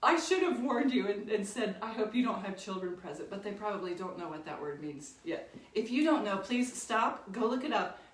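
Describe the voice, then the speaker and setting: A woman's voice: mid-range voice, very animated, moderate pace. A woman telling a funny story in a chatty way, often laughing and correcting herself. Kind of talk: casual storytelling. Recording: echoey room, distant mic, faint noise.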